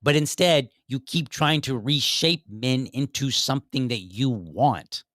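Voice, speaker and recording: A man's voice: mid-range voice, a little slow, a bit bright, dry recording, clean studio sound. A man hosting his own podcast, rambling casually with many fillers and restarts. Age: young adult to middle-aged father. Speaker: podcast host. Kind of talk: casual commentary.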